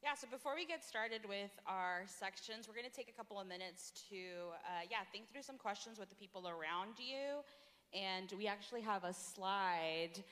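A woman's voice: mid-range voice, moderate pace, a bit bright, in a large hall. A young woman giving a chatty, casual talk at a retreat, full of fillers and laughter. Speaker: campus ministry speaker.

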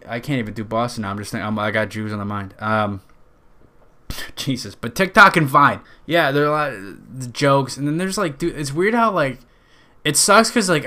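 A man's voice: medium pitch, pushed and bright. A man with a nasal Western New York accent, hosting a podcast in a rambling, profane, jokey monologue. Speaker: podcast host.

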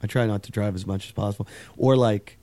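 A man's voice: lowish voice, steady tone, fast, mellow, no room sound. A middle-aged man on a podcast, chatting casually and telling a story with lots of swearing and quoted dialogue. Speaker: podcast host. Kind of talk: casual chat.

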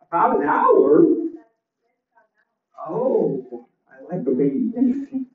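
A man doing a deadpan stand-up set with one-liners and crowd chat, his voice a little crackly, on a small club stage. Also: sits high. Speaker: stand-up comedian. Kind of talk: open mic stand-up set. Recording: roomy, distant, dull club recording.

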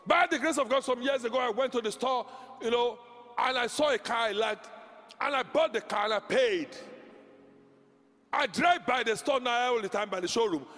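A man preaching a charismatic sermon, shouting declarations, speaking in tongues and leading the congregation in call-and-response. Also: extremely high pitch, moderate pace. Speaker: pastor. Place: large church sanctuary. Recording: reverberant church hall.

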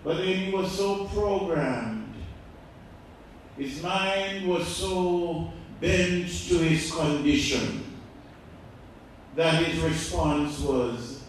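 A male pastor preaching a sermon, asking the congregation rhetorical questions and swinging between loud and quiet. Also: on the high side, very slow, slight background noise. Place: church. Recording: echoey church hall, mic far off.

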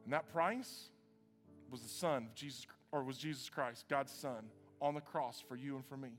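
A pastor preaching a sermon in a church, animated and self-mocking, swinging from quiet asides to loud bursts. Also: male voice, medium pitch, moderate pace, faint music behind. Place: church hall. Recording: live hall with long reverb.

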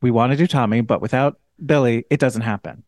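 Male improviser as a self-important community theatre director: even mid voice, earnest deadpan delivery. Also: mid-range voice, fairly quick, no echo, clean studio sound, close to an everyday voice. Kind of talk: improvised comedy podcast.

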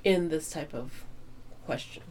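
Slow, hesitant woman podcaster. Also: deep voice, heavy background noise. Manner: hesitant, hedging, halting phrasing. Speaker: podcast co-host. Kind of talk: casual chat.

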